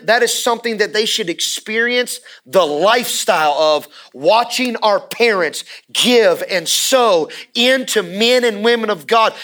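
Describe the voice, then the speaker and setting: Emphatic high-voiced man preaching. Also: fairly bright tone. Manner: emphatic, calls out encouragement. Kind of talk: preaching to a class.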